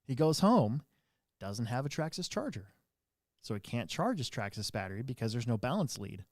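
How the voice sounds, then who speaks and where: A man's voice: medium pitch, normal speed, no echo, studio quality. A man hosting a podcast, telling a story in casual chat and acting out quotes in a raised voice. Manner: animated, acts out quotes in a raised voice. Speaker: podcast host.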